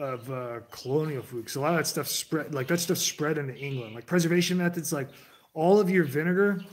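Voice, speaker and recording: Man streaming, slightly raised pitch, rambly off-the-cuff talker who drifts between tangents. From United States. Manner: digressive, restarts sentences, jumps between tangents. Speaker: livestream host. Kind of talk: casual rambling monologue to chat.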